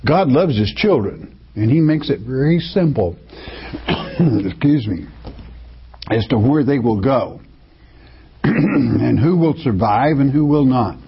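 Male preacher, slow deliberate delivery, husky voice, emphatic sermon, dull lo-fi recording. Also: medium pitch, expressive. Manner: emphatic, reads scripture aloud and comments. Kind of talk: sermon, Bible verse-by-verse teaching.

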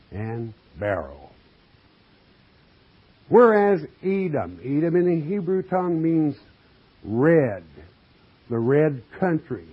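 A man's voice: mid-range voice, breathy edge. A man preaching a sermon, reading scripture and explaining it with emphatic, folksy questions to his listeners. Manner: slow, emphatic, asks the congregation questions; folksy asides, addresses listeners as friend. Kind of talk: sermon, Bible exposition. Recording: dull lo-fi recording.

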